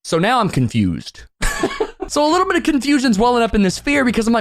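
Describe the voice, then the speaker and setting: Young male vlogger, comedic storytime, lively swooping delivery, joking tone. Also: extremely high pitch, moderate pace, soft background music. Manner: animated, joking, laughs through the telling.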